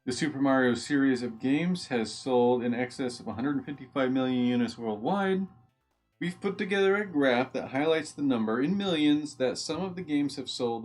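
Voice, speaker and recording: Male live-stream host with a mid-range voice. Casual and rambling, easily distracted, with soft music in the background. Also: mid-range voice. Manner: chatty, easily sidetracked, thinks aloud while reading.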